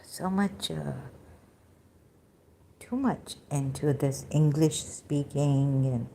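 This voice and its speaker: Slow, low-voiced woman reading aloud. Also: expressive, mellow. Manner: slow, halting reading with asides and fillers. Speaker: religious commentary channel host.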